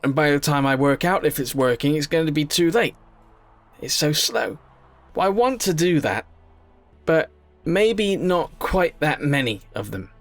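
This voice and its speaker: Man, gameplay commentary, fairly high voice, excitable, talks to the screen, faint background music. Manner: excitable, talks to game units, swings from shouting to mumbling.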